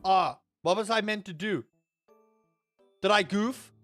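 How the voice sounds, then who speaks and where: A young man streaming a game and chatting to his viewers in a rambling, animated way, ranting half in jest. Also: high-pitched, takes it slowly, soft background music. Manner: rambling and animated, with self-mocking rants to chat. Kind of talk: casual live-stream chat while playing.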